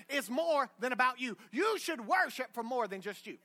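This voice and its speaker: Casting: middle-aged male preacher, very high and bright voice, lively, jokes and shouts in church. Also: normal speed, hardly any pauses. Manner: energetic preaching with humor, rising to shouts. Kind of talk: sermon. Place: church sanctuary.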